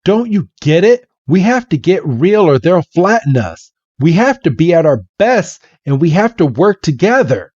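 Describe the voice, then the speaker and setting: A man's voice: mid-range voice, expressive, unhurried, darkish tone, dry recording. A man voicing a fiery, bossy girl gym leader in a commanding, plain delivery. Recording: dull, muffled lo-fi recording.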